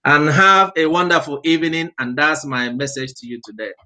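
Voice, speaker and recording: A man preaching a passionate sermon with an accent, exhorting his listeners and admitting he often speaks fast. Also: fairly high pitch, bright, forceful tone. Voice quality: non-native-sounding accent, unnamed. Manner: fervent, exhorting, speaks fast by own account. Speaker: prophet preaching. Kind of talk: impassioned sermon.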